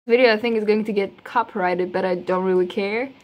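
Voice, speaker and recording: A woman's voice: mid-range voice, steady tone, fast talker, hardly any pauses, a little mellow. A woman chatting casually to her viewers before singing a cover, rambling, giggly and self-deprecating, stumbling over her words. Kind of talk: casual chat.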